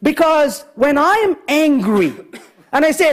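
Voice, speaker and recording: A man giving a conference programming talk, chatty and animated, often checking in with the audience. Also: very high voice, unhurried. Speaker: conference speaker. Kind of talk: technical talk with anecdotes.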